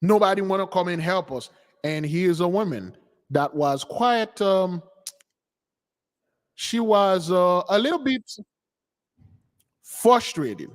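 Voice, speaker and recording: A man preaching to his online followers, addressing them as beloved while he comments on news clips in an animated, heated way. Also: high-pitched, long reverb tail.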